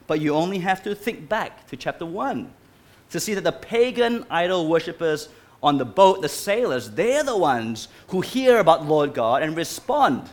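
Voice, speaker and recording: A man's voice: fairly high pitch, moderate pace. A man preaching a sermon to a congregation, asking them many questions. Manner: animated, asks the congregation questions. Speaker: pastor.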